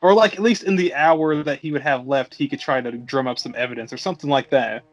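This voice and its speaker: A man's voice: medium pitch, fast. A man co-hosting a casual podcast, recapping a film with jokes and plenty of swearing. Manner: joking, profane, acts out scenes. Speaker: podcast co-host. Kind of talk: casual movie recap chat.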